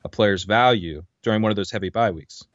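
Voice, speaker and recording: A man's voice: on the low side, brisk, no echo. A man co-hosting a fantasy football podcast in casual chat, easygoing and agreeable, with lots of "like". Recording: dry, slightly dull podcast mic.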